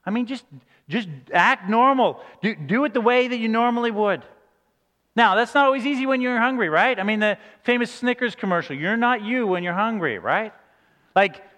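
A man with a high voice preaches a sermon in a loose, conversational way, acting out little quoted reactions as he goes. His voice rings with the long reverb of a large church hall. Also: pushed and bright. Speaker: pastor.

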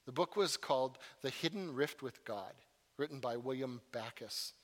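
A man's voice: medium pitch, moderate pace, big-room sound. A man preaching a sermon in an earnest way, often repeating words and telling stories with animation.

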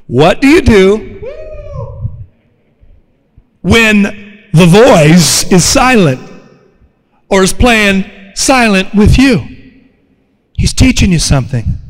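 A man preaching a sermon, animated and calling out to his congregation to respond. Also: high-pitched, measured pace, pauses often. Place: church sanctuary. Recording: long hall reverb.

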